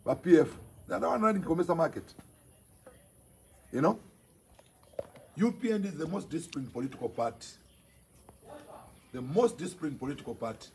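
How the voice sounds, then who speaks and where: A man's voice: a little high, expressive, normal speed, pauses often, a little mellow, a little hiss or hum. A man with a Zambian accent, a provincial party chairman, speaking emphatically and scolding his rivals, often repeating his phrases for force. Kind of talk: impassioned political speech to the press.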